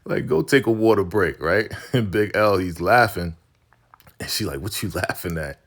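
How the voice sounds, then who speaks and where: A man casually recapping a TV episode, animated, loosely acting out the characters' lines and laughing often. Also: fairly low pitch, normal speed. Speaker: recap vlogger.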